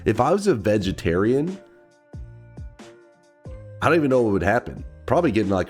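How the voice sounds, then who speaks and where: A man's voice: lowish voice, big pitch swings, fairly quick, pauses often, faint music behind. A man from Texas, a game streamer with a stuffed-up nose, chatting casually on a livestream in a rambling, swearing way. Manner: rambling, swearing, laughing to himself.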